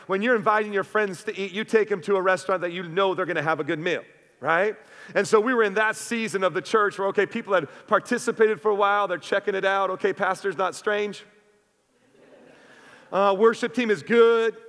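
A male pastor preaches with fervent energy in a fairly high voice, dropping "man" between phrases and checking in with "right?". His voice rings through the church with a long hall reverb. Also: a bit bright. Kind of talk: sermon.

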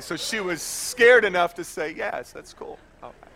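A man in his thirties preaching a sermon, telling a personal story in a chatty, animated way with many restarts. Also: high-pitched, normal speed, gravelly, slight background noise. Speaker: pastor.

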